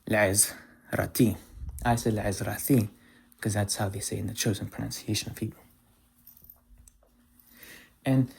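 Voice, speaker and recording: A man teaching pronunciation in a patient explanatory lesson, repeating example words slowly. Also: medium pitch, mellow, breathy edge.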